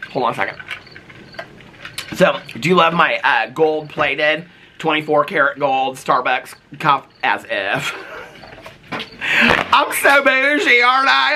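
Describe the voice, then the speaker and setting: A man from Indiana vlogging about reality TV in a casual, animated, gossipy way with big swings in his voice. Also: noisy background. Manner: animated and dramatic, gossipy, big pitch jumps. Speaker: reality TV commentator. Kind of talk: casual chatty vlog.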